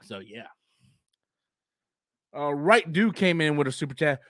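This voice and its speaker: A man's voice: fairly high pitch, lively intonation, unhurried, a bit bright, no room sound. A man hosting a casual live stream, heated and profane, who breathes through his mouth and coughs often.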